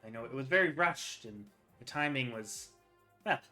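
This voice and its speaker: Casting: a man playing an eager forties mage mentor, bright and rambling. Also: mid-range voice, expressive, normal speed, soft background music. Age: 40s. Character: excitable injured male elder mage mentor.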